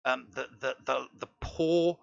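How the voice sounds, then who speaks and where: A man's voice: mid-range voice, fairly even intonation, unhurried, vocal fry, no echo. A man hosting a casual podcast, joking and a bit tipsy, with a playful way of talking. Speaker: podcast host. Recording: dry, dull lo-fi sound.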